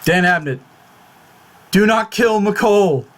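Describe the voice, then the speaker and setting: A man's voice: high-pitched, animated, takes it slowly, a bit bright. A man hosting his own vlog, talking casually and fretfully, swearing often and restarting his words. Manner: swears a lot, repeats and restarts words in agitation; fretful, exclamatory. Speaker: YouTube channel host.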